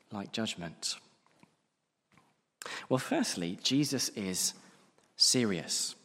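A man's voice: mid-range voice, fairly bright tone, slightly rough, in a large hall. A man preaching a sermon in an earnest, emphatic way, often repeating key phrases for weight.

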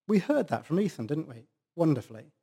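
A man's voice: on the high side, sing-song, a little fast, gravelly, mellow, slightly rough. A man preaching a sermon at a church service, stressing key words for emphasis.

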